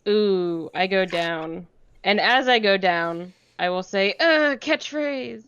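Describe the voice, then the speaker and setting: A woman's voice: on the low side, slow, fairly bright tone, dull audio, slight background noise. A woman playing in a tabletop game, speaking unhurriedly and laughing at her own jokes. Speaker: player. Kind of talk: casual tabletop play.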